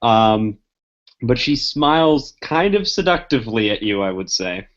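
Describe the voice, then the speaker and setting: A man describes his character's actions at a tabletop game. He speaks haltingly, with many fillers and restarts, at a middling pitch. The sound is muffled and lo-fi. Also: very animated. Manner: hesitant, halting. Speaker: player. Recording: muffled lo-fi recording.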